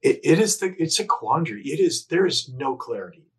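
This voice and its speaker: A middle-aged man, a podcast guest, telling a personal story candidly and earnestly, often restarting his sentences and moving between emphatic bursts and hushed phrases. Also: mid-range voice, sing-song, a little fast, slightly rough, rough recording. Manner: reflective, earnest, with frequent restarts and self-corrections.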